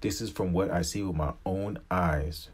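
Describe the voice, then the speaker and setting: A man's voice: low voice, fairly even intonation, normal speed, husky. A man in his forties from the United States, a vlogger giving a blunt, profane, impassioned opinion rant to camera.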